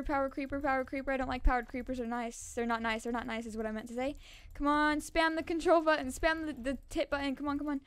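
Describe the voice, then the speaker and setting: A young woman talks over her own gameplay in an excitable, casual way, piling up repeated words when things get tense. Her voice sits high and bright. It is recorded dry and close on a desk mic, with keys clicking now and then. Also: no echo. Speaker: gaming channel host.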